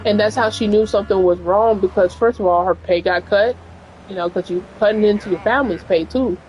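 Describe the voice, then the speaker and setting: A woman's voice: medium pitch, brisk, darkish tone, a little hiss or hum, low-quality recording. A woman streamer telling a long, rambling story while she plays at home. She speaks frankly and fills her talk with "like" and "you know". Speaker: gaming streamer. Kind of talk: casual storytelling over gameplay.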